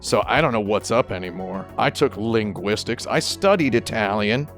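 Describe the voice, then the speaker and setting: Rambling jokey man, lowish voice. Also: normal speed, soft background music. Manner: rambling, jokey, animated tangents. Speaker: podcast panelist. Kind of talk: casual chat.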